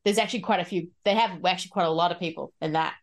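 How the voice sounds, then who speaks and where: A woman's voice: lowish voice, very fast. Chatty woman hosting a podcast. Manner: chatty, laughs often. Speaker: podcast host. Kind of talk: casual chat.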